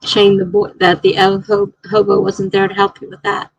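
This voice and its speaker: A chatty woman running a writing livestream, her voice gravelly with a husky edge. She laughs a lot, thinks out loud and reads comments to her viewers. The sound is dry and close. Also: mid-range voice, monotone, moderate pace, no echo, low-quality recording. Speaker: writer hosting a livestream. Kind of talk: casual livestream chat, reading viewer comments aloud.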